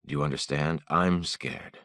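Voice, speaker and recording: A man's voice: extremely low pitch, fairly even intonation, a little slow, a bit bright, dry recording, clean studio sound. A man playing a stern weary father. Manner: terse, stern.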